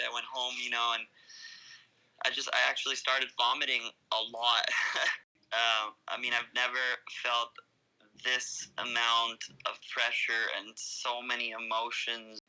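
Young male surfer guest from Costa Rica, tense bright tone, casual rambling storyteller. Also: medium pitch, low-quality recording. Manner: excited, rambling retelling with many fillers.

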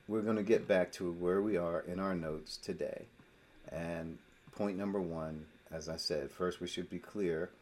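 A man leading a Bible study to listeners on a group call, emphatic, asking rhetorical questions and swinging between loud and quiet. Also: mid-range voice. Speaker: Bible teacher.

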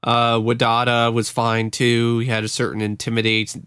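A man's voice: medium pitch, monotone, normal speed, a bit bright, clean tone, dry recording, studio quality. A man co-hosting a casual true-crime podcast, giving short reactions and comments. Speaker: podcast co-host.

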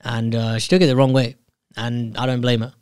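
A man talks through a personal story in a loose, unscripted monologue. He is candid and self-questioning, stopping and restarting his phrases as he thinks aloud. His voice sits at an ordinary pitch, recorded close and dry with no room sound. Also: flat delivery, a little fast, darkish tone, clear, resonant tone, no echo.

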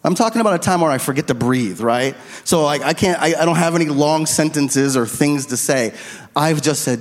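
In a church sanctuary, a middle-aged pastor preaches a sermon into a handheld microphone, sharing a personal story in an earnest, confessional manner. His voice is mid-range and a little fast, and the church hall's long reverb fills the recording.

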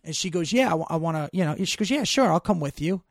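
Animated profane man telling a story. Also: fairly high pitch, quick pace, no echo, studio quality. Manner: animated, profane, rising loud when worked up. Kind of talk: casual storytelling chat.

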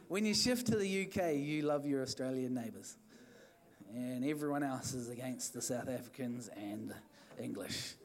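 Speaking unhurriedly in a mid-range voice, a male pastor delivers an evening church sermon. His exhortation is fervent and repetitive, with occasional restarts.

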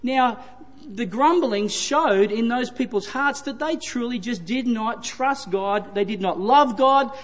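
A man's voice: very high-pitched, slow pace. A man preaching a sermon, retelling scripture with emphatic repetition. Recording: long hall reverb.

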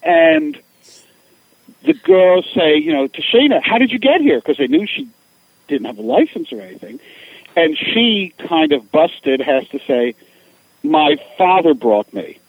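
Middle-aged guy, lively storyteller, pitch jumps all over, kinda dull lo-fi radio sound. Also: measured pace, gravelly, husky, dry recording. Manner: animated, acts out voices in anecdotes. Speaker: guest, author. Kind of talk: casual storytelling.

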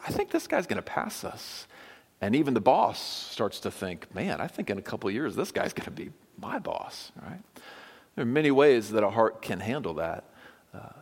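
Man preaching with long hall reverb. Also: low-pitched. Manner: emphatic, swings from loud stresses to quiet drops. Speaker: pastor. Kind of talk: sermon.

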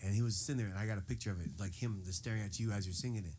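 A man's voice: on the low side, racing, a little mellow, slight background noise. A man in casual chat among bandmates, teasing and telling long anecdotes.

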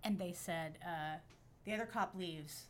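A woman on a podcast telling a story in casual chat, animated and profane, acting out the quotes. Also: on the low side, a little slow, slight background noise. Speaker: podcast guest.

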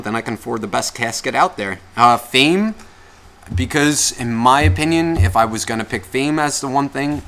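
A man co-hosting a podcast, telling stories in casual, profane, animated chat. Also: mid-range voice. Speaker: podcast co-host.

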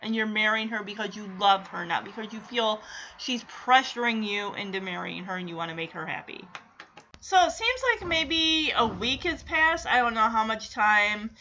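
A woman hosting a reaction video who chats in a casual, excitable way and laughs often while recapping a scene, heard in a dull lo-fi recording. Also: medium pitch, normal speed, slight background noise.

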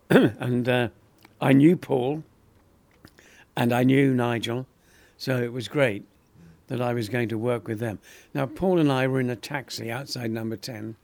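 An older actor telling lively anecdotes in an interview, acting out other people's lines and laughing often. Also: male voice, medium pitch, unhurried, gravelly, no room sound. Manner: animated storyteller, acts out quoted voices, laughs often. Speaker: actor guest.

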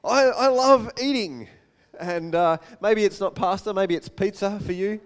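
A male pastor preaching a sermon in a chatty, animated way with light self-deprecating humour and quick asides. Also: sits high, clean tone.

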